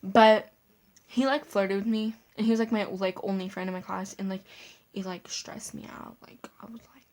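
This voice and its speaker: A woman's voice: medium pitch, fairly even intonation, normal speed, darkish tone. A young woman casually telling a personal story to her viewers, full of "like" fillers and giggles. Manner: chatty, lots of "like" fillers, giggly asides. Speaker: vlogger.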